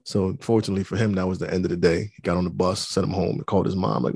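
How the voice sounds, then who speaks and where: A man's voice: deep voice, rapid-fire, vocal fry, slightly rough, no echo. A man, co-hosting a podcast and telling a story in casual chat, acting out quotes. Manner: animated storytelling, acts out quotes loudly. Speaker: podcast co-host.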